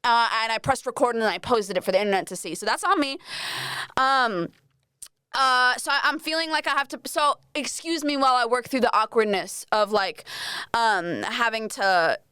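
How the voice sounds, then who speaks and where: A woman's voice: on the high side, moderate pace, bright, forceful tone, clear, resonant tone, dry recording, studio quality. A young Australian woman hosting a podcast, rambling and self-mocking, swearing freely as she chats alone. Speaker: podcast host. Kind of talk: casual solo podcast chat.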